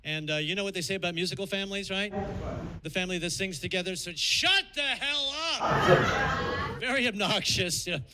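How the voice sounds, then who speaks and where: A man's voice: sits high, fast talker, a crowd in the background. An older man from the American South doing a stand-up set, wry and self-mocking. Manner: wry, self-mocking punchlines with many character voices. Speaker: stand-up comedian. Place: comedy club stage. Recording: noisy live club recording.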